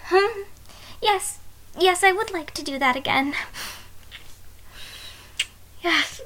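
A woman's voice: high-pitched, a bit bright, low-quality recording. A woman playing a shy, innocent young bride in an audio role-play, speaking hesitantly and sometimes dropping to a whisper. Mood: tender. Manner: hesitant, halting, drops to whispers.

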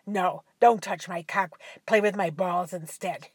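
A woman voicing a commanding young adult man in an adult audio story, with a breathy voice. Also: lowish voice, unhurried, dry recording, clean studio sound.

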